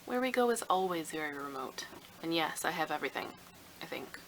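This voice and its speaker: A woman reading the lines of a weary teenage girl in a storybook excerpt, in her own low, bright voice. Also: lively intonation, fairly quick, a little hiss or hum, poor audio.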